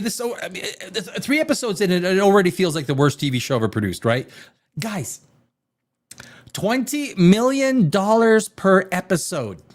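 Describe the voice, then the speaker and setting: Lively, exasperated male reviewer. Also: sits high. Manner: rambling and exasperated, with sarcastic asides. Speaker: TV show reviewer, host. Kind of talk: casual live-stream review.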